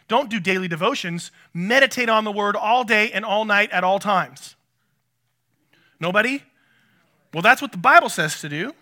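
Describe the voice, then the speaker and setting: A man's voice: high-pitched, sharp tone. A man, a pastor, preaching a conversational sermon, asking the congregation questions and poking fun at himself. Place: church.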